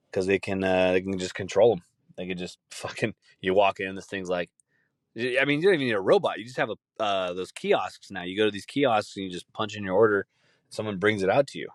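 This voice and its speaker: A man's voice: fairly low pitch, no room sound, clean studio sound. A young man casually telling rambling stories on a podcast, swearing often and mimicking the people in them. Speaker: podcast host. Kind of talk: casual storytelling chat.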